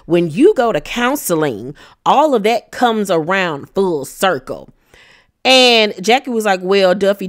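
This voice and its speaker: A woman recapping a reality show episode in a sassy, animated way, acting out quotes with shifting pitch.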